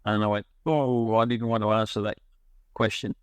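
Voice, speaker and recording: A man's voice: lowish voice, monotone, brisk, clear, resonant tone, dry recording. A middle-aged man telling his recovery story in a rambling, emotional way, often restarting his sentences. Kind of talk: personal storytelling.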